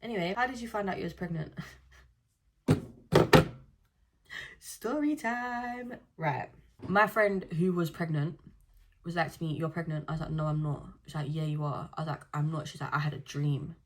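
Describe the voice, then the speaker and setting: A young woman chats casually to camera. Her voice sits low, and she tells her stories in a loose, slangy way. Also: steady tone, quick pace. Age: 20s. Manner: chatty storytelling with slang. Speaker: vlogger. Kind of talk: casual chat.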